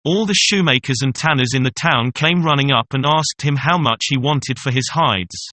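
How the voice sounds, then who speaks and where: A man narrating a fairy tale in a measured, even storytelling manner. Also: medium pitch, dry recording.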